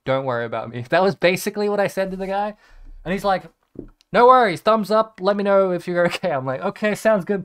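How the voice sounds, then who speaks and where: A young man talking candidly in a personal vlog, rambling and halting, swearing casually and trailing off quietly, still emotional after crying. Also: mid-range voice, smooth. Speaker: vlogger.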